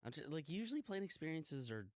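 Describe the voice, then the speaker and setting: A man's voice: on the high side, big pitch swings, fast, no room sound, studio quality. Young man joking on a podcast. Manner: joking, teasing, laughs often. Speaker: podcast co-host. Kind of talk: casual podcast chat.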